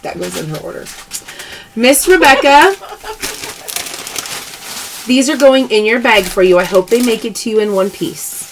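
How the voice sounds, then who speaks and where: A woman's voice: a little high, lively intonation, measured pace, long pauses, a little hiss or hum. A woman hosting a live-stream sale, chatting casually, calling out games and thanking viewers by name. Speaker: host of a live pearl-opening sales stream.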